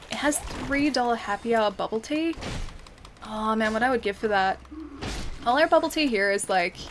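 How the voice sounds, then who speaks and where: While streaming a game, a young woman chats casually with her viewers, answering chat in a rambling way with fillers and laughs. Her voice is a little high, and there's slight background noise.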